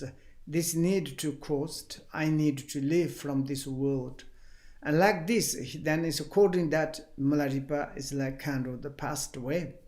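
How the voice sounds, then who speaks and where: A male Buddhist teacher gives a dharma teaching in a somewhat high voice. His English is halting and non-native, and he leans on fillers like "like" and "kind of" as he retells a story.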